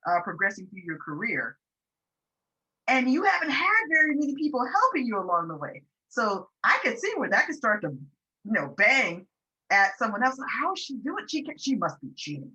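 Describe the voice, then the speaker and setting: Bright lively woman host, lo-fi sound. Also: mid-range voice. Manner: lively, supportive, acts out others' thoughts. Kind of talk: conversational interview. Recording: dull lo-fi audio.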